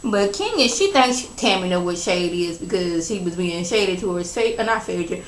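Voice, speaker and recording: A woman chatting casually as she recaps a reality show, gossipy and animated, acting out what people said. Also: normal speed, reverberant, slight background noise, low-quality recording. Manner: chatty, gossipy, acts out quotes with big pitch jumps.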